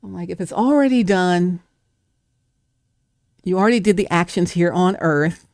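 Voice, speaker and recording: A woman's voice: fairly low pitch, moderate pace, a little mellow, dry recording, studio quality. A woman giving an emphatic, preacher-like faith talk, acting out doubting voices. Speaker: guest speaker.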